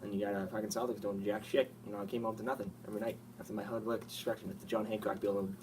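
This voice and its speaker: Crude guy cursing nonstop, fast, far mic, noisy street ambience. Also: on the low side, little pitch movement. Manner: crude, constantly swearing. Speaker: interviewed sports fan. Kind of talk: casual mock interview. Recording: distant mic with clear ambience.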